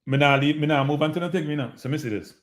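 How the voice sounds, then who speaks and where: A man's voice: a little high, racing. Jamaican man talking straight to his audience. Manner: animated, repetitive, addresses audience as people. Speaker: show host. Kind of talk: casual live-stream commentary.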